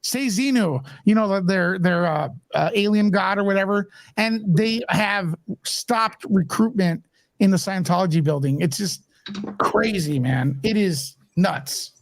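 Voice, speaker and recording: A man hosting a casual livestream chat, blunt and joking, quick to mock. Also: high voice, vocal fry, dry recording. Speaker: show host.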